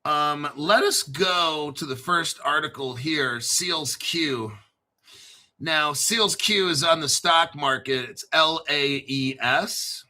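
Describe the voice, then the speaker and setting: A man's voice: fairly high pitch, slow pace, bright, forceful tone. A middle-aged man hosting a crypto show, joking and swearing as he tells rambling stories. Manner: joking, profane, storytelling. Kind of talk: rambling casual monologue.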